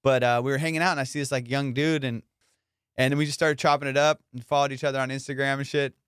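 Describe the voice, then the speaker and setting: A man's voice: mid-range voice, flat delivery, quick pace, a bit bright, clear, resonant tone, no room sound, clean studio sound. A male comedian hosting a podcast, rambling and swearing in casual comedic banter, slipping into silly voices.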